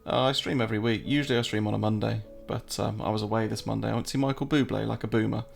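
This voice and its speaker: A man's voice: lowish voice, fairly even intonation, rapid-fire, gravelly, faint music behind. An English man hosting a casual live-stream, joking, answering viewer chat and walking through trading charts. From England.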